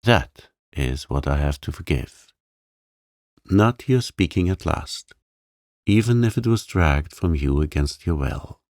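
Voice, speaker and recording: Brief: man lifting his pitch for a forthright young woman in a storybook reading; steady, frank, slow, gravelly edge underneath. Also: dry recording, studio quality, full character voice. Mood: tender, frank.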